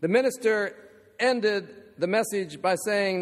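A man's voice: high voice, expressive, normal speed. A man preaching a sermon, telling a story with rhetorical questions and humorous asides. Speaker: pastor. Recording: long reverb of a large hall.

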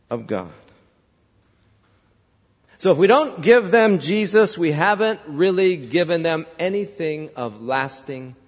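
Man, pastor, sermon with rhetorical questions; lo-fi church hall sound. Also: fairly high pitch. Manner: storytelling, rhetorical questions to congregation. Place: large church sanctuary. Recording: dull lo-fi reverberant church recording.

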